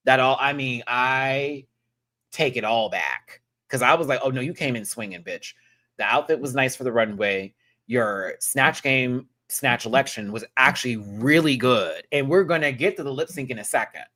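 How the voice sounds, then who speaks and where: A reviewer in a casual live review, talking animatedly with sassy asides and sudden high-pitched exclamations. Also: a little slow, fairly bright tone. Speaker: show reviewer.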